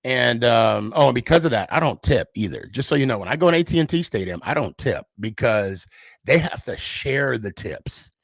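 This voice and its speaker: A man's voice: medium pitch, animated, normal speed, vocal fry, no echo. A man hosting a podcast, telling a casual, rambling and profane story as a frustrated sports fan who pokes fun at himself. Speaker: podcast host.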